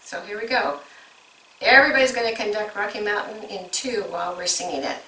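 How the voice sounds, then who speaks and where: Bright-voiced woman teaching music. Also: mid-range voice, fairly quick, roomy sound, far from the mic, low-quality recording. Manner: explains step by step, breaks into sung examples.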